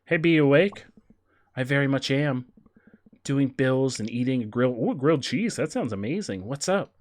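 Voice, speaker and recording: A man with a slightly blocked, nasal sound streams a game, chatting casually and reading its lines aloud. His voice sits in an ordinary middle pitch, and it jumps loud and high when he greets his viewers. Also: lively intonation, normal speed. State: stuffy nose. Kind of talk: casual gameplay commentary, reading dialogue aloud.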